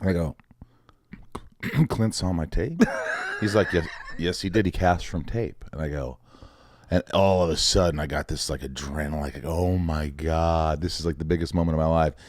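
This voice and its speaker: With a very deep voice at a moderate pace, an actor in his forties who grew up in Indiana tells show-business tales as a podcast guest. It's a casual chat, and he's an animated storyteller who voices other people's quotes.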